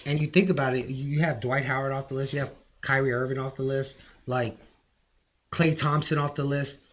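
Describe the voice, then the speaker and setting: A man's voice: mid-range voice, fairly even intonation, normal speed, fairly bright tone. A man in a casual podcast debate, arguing animatedly and leaning on "like" as filler.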